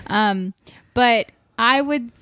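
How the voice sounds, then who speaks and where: A woman's voice: fairly high pitch, extremely slow, fairly bright tone, a little hiss or hum. A woman guest on a podcast, speaking casually and hesitantly, often restarting sentences.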